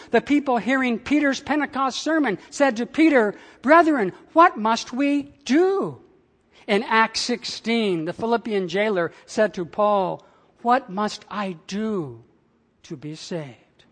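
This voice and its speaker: A pastor preaching a sermon with slow, emphatic phrasing and big swings in pitch and loudness, speaking in a church. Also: in a large hall.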